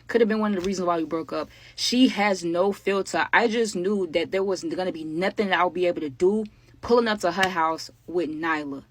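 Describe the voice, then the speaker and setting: A young woman, telling a storytime vlog to her viewers in a casual, animated, slangy way. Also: lowish voice, brisk, no echo. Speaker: storytime creator.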